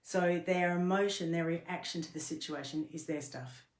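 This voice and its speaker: A middle-aged woman with a low voice gives a workplace training talk. She explains earnestly and patiently, now and then stumbling and restarting a phrase. The room around her rings with a noticeable echo. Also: fairly even intonation, normal speed. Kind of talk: instructional talk to camera. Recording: roomy echo.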